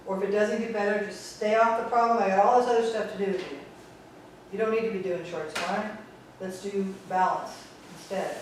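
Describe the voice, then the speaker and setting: Bronx-accented woman Pilates teacher, sarcastic and no-nonsense, heard from a way off in a booming, echoey studio. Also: fairly even intonation, a little fast, a little mellow, a little hiss or hum. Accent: New York (Bronx). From the Bronx, New York. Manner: blunt, sarcastic. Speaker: Pilates instructor. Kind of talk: teaching talk to instructors. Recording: very echoey room, distant mic.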